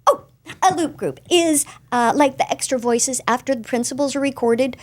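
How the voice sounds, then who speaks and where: A woman voice actress being interviewed, telling animated stories from her career in a casual chat. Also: sits high, normal speed. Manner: animated storyteller, slips into character voices. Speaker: voice actress guest.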